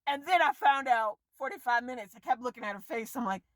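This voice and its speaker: A woman vlogger in an exasperated, profane rant about a film she reviews, her voice swinging sharply up and down. Her pitch sits on the high side, and the recording is close and dry with no room sound. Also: animated, fast, dry recording. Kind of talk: casual rant to camera.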